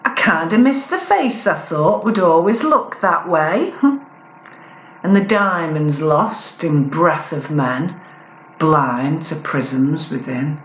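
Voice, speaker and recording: Woman, spoken-word poet, slow deliberate phrasing, lowish lively voice, echoey live room. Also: muffled recording, slight background noise. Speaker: performance poet. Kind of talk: spoken-word poetry performance.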